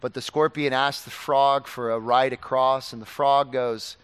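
A man preaching a sermon, swinging from loud urgent pleading to quiet earnest warnings. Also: medium pitch, steady tone, measured pace, smooth, in a large hall.

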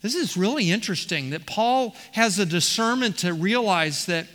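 Preacher, male, high and bright voice, emphatic and questioning, long church reverb. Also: lively intonation, moderate pace. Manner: emphatic, repeats words, asks questions of the congregation. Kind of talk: expository sermon. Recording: long reverb of a large hall.

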